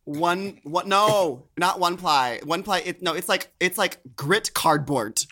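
A man co-hosting a podcast, telling stories in a campy, animated casual way. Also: high-pitched, slow pace. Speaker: podcast co-host. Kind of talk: casual chat.

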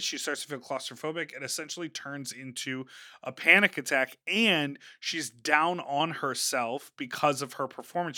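Bright-voiced man, lively chat. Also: fairly high pitch, dry recording, studio quality. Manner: animated, quick to act out quotes. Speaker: podcast co-host. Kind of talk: casual chat recapping a reality show.

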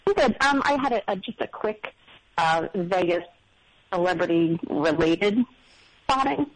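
A woman's voice: lowish voice, expressive, a little slow, low-quality recording. A middle-aged woman calling in to a show, telling a story casually with many ums and self-doubt. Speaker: caller. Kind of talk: casual phone call story.

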